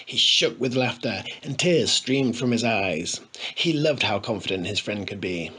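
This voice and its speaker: Male storyteller, lively delivery, slightly husky voice. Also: on the low side, a little slow. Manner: expressive, playful. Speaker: narrator. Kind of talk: storybook reading.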